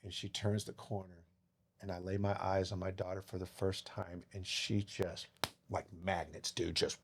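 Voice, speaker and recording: A man guest on a podcast, telling an emotional personal story, who swings from loud and animated to hushed and tearful and swears casually. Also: sits low, moderate pace, noisy background. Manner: swears casually, calls listeners dude.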